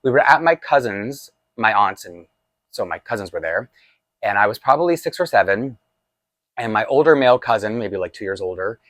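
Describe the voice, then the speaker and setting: A man's voice: fairly low pitch, expressive, moderate pace, fairly bright tone, no room sound. A man in his forties telling a personal childhood story in a chatty, confessional way, laughing often. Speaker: vlogger. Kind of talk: storytime vlog.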